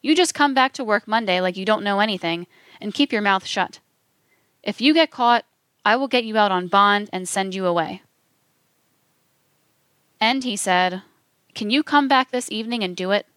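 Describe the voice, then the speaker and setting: A woman narrating from a script, reading historical testimony in a measured way and speaking the quotation marks aloud. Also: medium pitch, a bit bright, smooth, dry recording.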